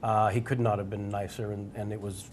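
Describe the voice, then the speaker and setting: A man's voice: lowish voice, brisk. A man who is a celebrity guest, telling a comic anecdote on a game show and acting out the quotes. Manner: animated storyteller, acting out quotes.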